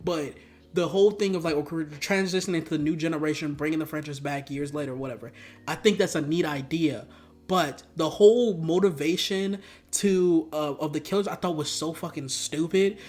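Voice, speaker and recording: A man reviewing movies in a casual rant. He swears a lot, rambles, and breaks into sudden loud outbursts. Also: on the high side, fairly quick.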